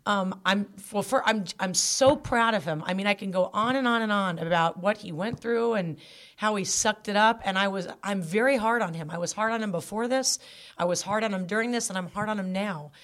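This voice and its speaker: A woman's voice: medium pitch, a bit bright. A woman talking candidly as a guest on a podcast about her stepson, getting emotional and choked up. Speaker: stepmother guest. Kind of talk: emotional interview talk.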